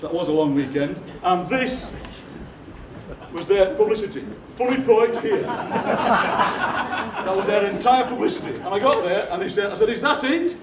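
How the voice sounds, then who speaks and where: A poet on a theatre stage, speaking in a high voice at a measured pace, gives deadpan comic anecdotes and performs others' lines. The sound comes from a distance in a roomy hall, with heavy background noise and the audience laughing.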